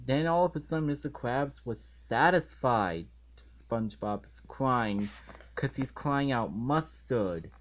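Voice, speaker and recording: A man reviews an episode as a rant, and his exasperation keeps breaking through. He talks slowly and haltingly and often stops to restart a phrase. His pitch sits in an ordinary middle range. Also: fairly bright tone. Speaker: online reviewer.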